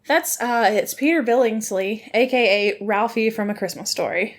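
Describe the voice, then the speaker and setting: Woman podcast co-host, casual recap chat, animated, slips into quick character voices. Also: on the high side. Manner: animated, acts out lines in quick put-on voices, laughs often.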